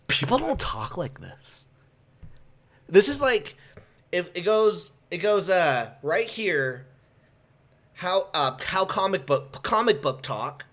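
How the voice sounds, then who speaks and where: A young man with a slightly raised voice reviews comics in casual commentary. He rants in an animated, exasperated way. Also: high-pitched, a little slow.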